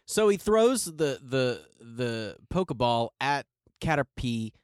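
A man from Louisiana co-hosting a podcast in casual chat, animated and joking, swearing freely. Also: medium pitch, slow pace, no room sound, studio quality. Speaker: podcast co-host.

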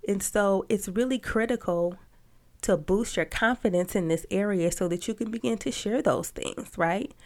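A woman's voice: mid-range voice, normal speed, darkish tone. A woman coaching on storytelling in a conversational podcast talk who often checks in with "right?" and plays with emphasis.

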